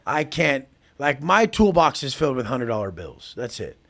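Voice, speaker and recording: A man's voice: mid-range voice, big pitch swings, normal speed, gravelly, a bit bright. A man talking as a podcast guest, brash and profane, mocking people as he acts out both sides of past conversations. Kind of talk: casual podcast talk.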